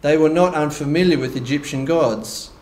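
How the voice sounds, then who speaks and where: A man preaching a conversational sermon, with animated asides in which he voices imagined reactions. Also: fairly high pitch, moderate pace, roomy sound, low-quality recording. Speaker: pastor. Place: church hall.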